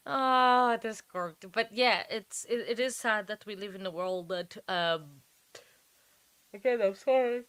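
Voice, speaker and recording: Chatty woman streamer, bright dry voice. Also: medium pitch, measured pace, smooth, dry recording. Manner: rambling, chatty, talks to chat viewers. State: sleepy, yawning. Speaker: livestream host. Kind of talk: casual live trial commentary.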